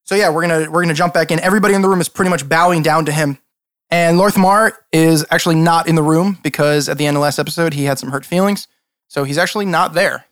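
A man's voice: fairly high pitch, steady tone, a bit bright, no room sound, clean studio sound. A man narrating a tabletop game as game master in a casual, rambling way. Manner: casual, rambling, quick to laugh.

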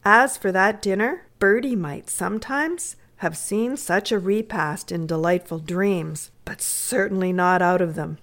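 A woman reading a short story aloud in a measured, expressive way. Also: mid-range voice. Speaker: reader.

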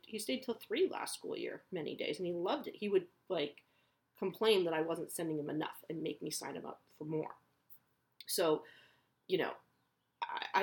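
Woman, 30s, podcast host: casual, frank, salty talk, lower register. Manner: chatty, candid, swears freely. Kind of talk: casual personal chat.

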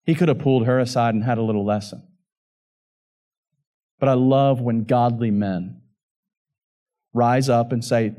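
A man's voice: mid-range voice, fairly even intonation, unhurried, pauses often, warm tone. A man preaching a sermon as pastor, reading scripture with rising passion and emphatic peaks.

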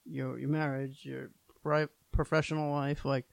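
A man's voice: medium pitch, level tone, moderate pace, vocal fry, no room sound. A man from Long Island, a podcast guest, telling stories in casual chat, rambling with lots of "like" and acting out the voices of the people in his anecdotes. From Long Island, New York. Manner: rambling, peppered with "like". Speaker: podcast guest, business owner.

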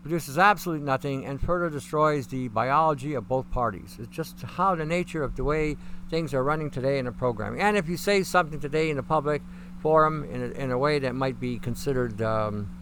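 A man's voice: mid-range voice, a little fast, fairly bright tone, slight background noise. A middle-aged man hosting a live stream, talking in a rambling, folksy way as he answers chat questions.

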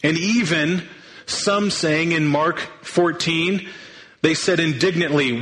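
A man's voice: on the high side, slow pace, fairly bright tone, low-quality recording. A man preaching a sermon, earnest and thinking aloud, sometimes restarting his sentences. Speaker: pastor.

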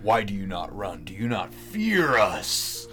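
A man voicing a suspicious male orc chieftain who speaks slowly and threateningly. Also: on the low side, sing-song, sharp tone, faint music behind, full character voice.

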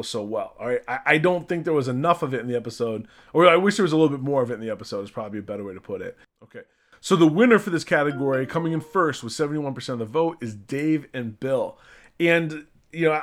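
A man hosting a podcast, casually reviewing a show episode, chatty and a little hesitant, often restarting his sentences. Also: mid-range voice. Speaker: podcast host.

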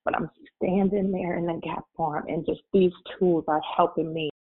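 A woman's voice: on the low side, steady tone, moderate pace, husky. An older woman from Michigan calling into a prayer line, speaking earnestly and from the heart. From Michigan, USA. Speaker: caller. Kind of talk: prayer-call testimony. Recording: tinny phone line.

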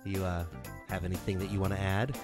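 A man delivers a comedy podcast promo in a dry, hesitant way. Music plays clearly behind him. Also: sits low, flat delivery, fast talker.

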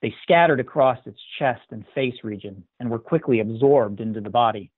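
A man narrating a scripted story in a measured, even manner. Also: medium pitch, breathy edge, no room sound. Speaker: story reader. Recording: tinny dry phone-like sound.

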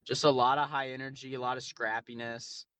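A man co-hosting a podcast, talking excitedly about hockey and often restarting his sentences. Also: medium pitch, brisk, smooth, dry recording. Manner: excitable, repeats himself with restarts. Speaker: podcast co-host. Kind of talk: casual sports chat.

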